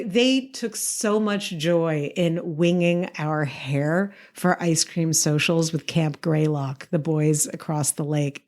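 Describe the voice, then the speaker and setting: A New York woman co-hosts a podcast, telling stories in a casual chat and laughing often. Her voice is lowish with a darkish tone.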